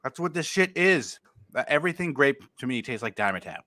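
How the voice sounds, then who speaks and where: Man, podcast co-host, casual chat, excitable, swears a lot, mid-pitched voice. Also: brisk. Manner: loud, excitable, laughing, swears often.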